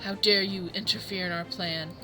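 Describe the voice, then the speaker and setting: A woman's voice: mid-range voice, steady tone, normal speed, pushed and bright, faint music behind, natural voice, poor audio. A woman reading aloud a dying male cultist soldier from a game, cackling with theatrical gloating.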